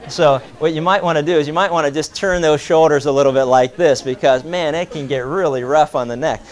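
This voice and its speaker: Male preacher, slightly high voice, lively storyteller who voices both sides of a conversation. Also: fairly quick. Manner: animated anecdote-telling, voicing both sides of a dialogue. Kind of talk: sermon storytelling.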